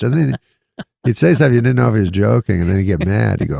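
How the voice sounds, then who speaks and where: A comedian telling a rambling story in a deadpan way, with halting restarts. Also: male voice, fairly low pitch, gravelly, no room sound. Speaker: comedian guest. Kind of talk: casual storytelling on a podcast.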